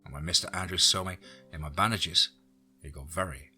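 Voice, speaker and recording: A man reading a first-person horror story aloud as narrator in a steady storytelling voice. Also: low voice, fairly quick, soft background music.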